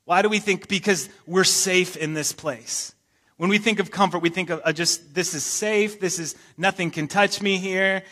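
Man, pastor preaching, casual asides, emphatic scripture reading, high voice, reverberant hall. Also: fairly bright tone. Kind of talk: sermon. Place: church sanctuary.

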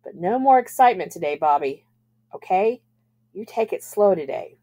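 A woman's voice: medium pitch, expressive, moderate pace, mellow, muffled recording, lightly acted. A woman reading aloud, voicing a firm, protective middle-aged mother in a storybook. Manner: firm and caring.

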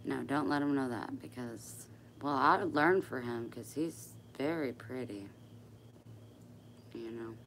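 A woman's voice: a bass voice, a little slow, a little hiss or hum. An older woman hosting a sewing livestream, chatting casually with viewers in a blunt, joking, sassy way.

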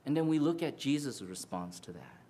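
A man preaching a sermon as pastor, earnest and animated, acting out quoted lines. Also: medium pitch, a little fast.

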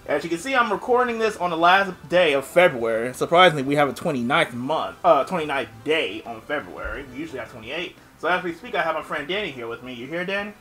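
Upbeat, excitable male gaming host. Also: on the high side, fast, hardly any pauses, soft background music. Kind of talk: casual gaming commentary.

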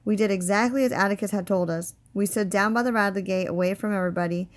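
A woman teacher reading a novel aloud in a steady, expressive way. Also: medium pitch, fast talker.

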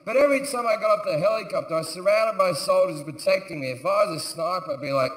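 Profane comic, high-pitched, echoey hall. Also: male voice, fast talker. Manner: profane, sardonic, acts out characters with shouts. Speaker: stand-up comedian. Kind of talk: stand-up storytelling. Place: large theatre stage. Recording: echoey live theatre recording. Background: audience laughter.

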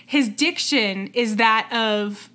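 Bright-voiced chatty woman. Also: a little high, slow pace. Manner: chatty, many fillers and restarts. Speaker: podcast co-host. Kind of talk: casual chat.

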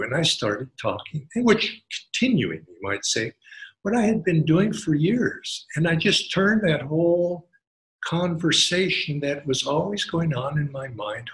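A man giving a devotional talk as a spiritual teacher, telling a personal story in an animated way. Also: a little high, a little slow, rough recording. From United States. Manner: animated storyteller, acts out quotes in a raised voice.

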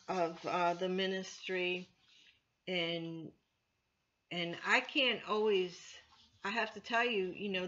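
Woman elder chatting thru a bible passage, lots of you know, bright voice, kinda muffled recording. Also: medium pitch. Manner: conversational, many "you know" fillers, earnest. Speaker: church elder teaching scripture. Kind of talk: informal Bible teaching. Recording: dull lo-fi recording.

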